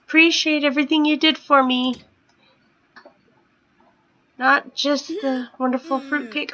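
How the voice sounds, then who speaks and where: At home playing a life-sim game, this woman in her thirties, a gaming vlogger, chats casually and often slips into a whisper. Her voice sits high with a steady, bright, forceful tone, a measured pace and long pauses, in a low-quality recording.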